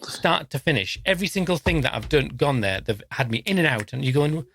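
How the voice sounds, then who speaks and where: A man hosting a podcast in casual chat, animated and teasing, laughing often. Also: on the high side, a little fast, creaky, breathy edge. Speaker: podcast host.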